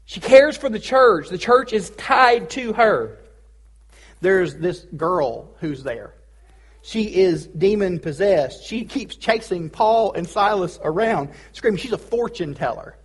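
A male pastor delivering a sermon in a casual, joking way. His voice sits high and has a husky edge. He keeps the teaching light with playful asides. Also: expressive, slow pace. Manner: casual, joking preacher with pop-culture asides.

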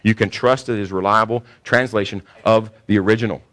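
A man delivering a teaching sermon in a fairly low voice. He speaks with emphasis, repeats his key points, and presses the listeners with rhetorical questions. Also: fairly even intonation, brisk, a bit bright. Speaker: preacher.

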